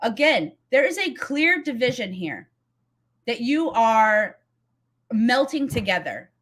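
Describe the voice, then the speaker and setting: Sharp high-voiced angry woman. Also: very animated, takes it slowly. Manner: heated, swears a lot, blunt. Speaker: commentary YouTuber. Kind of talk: angry reaction commentary.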